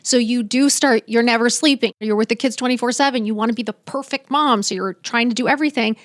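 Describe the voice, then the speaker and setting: Fifties woman guest, frank storyteller, bit high pitched, dry studio sound. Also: fast, no room sound. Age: 50s. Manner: blunt, emphatic, swears freely, acts out dialogue. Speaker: podcast guest. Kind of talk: candid storytelling.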